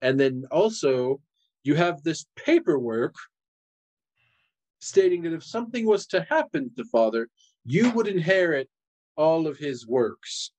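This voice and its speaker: A man playing his character in a tabletop role-playing game, animated and jumping into high character voices. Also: a little slow, low-quality recording. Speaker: player.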